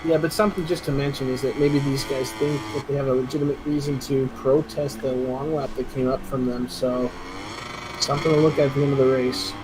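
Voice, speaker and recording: A casual male commentator calls an esports race, chatty and quick to laugh, often restarting mid-sentence. His medium-pitched voice stays steady and fairly quick, over noisy stream audio.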